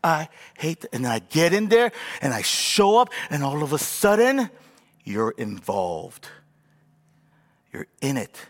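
A male pastor in his forties preaches with a lively, swooping delivery and self-mocking stories. His voice rings out with a long reverb in a large church sanctuary. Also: mid-range voice, measured pace. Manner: animated, self-mocking storytelling. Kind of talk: sermon.

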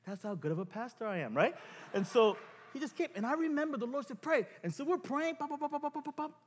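High pitched pastor guy preaching, super animated, acts out his stories, long echo in a big hall. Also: fast, slight background noise. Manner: animated, self-mocking, acts out scenes. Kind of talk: sermon with storytelling.

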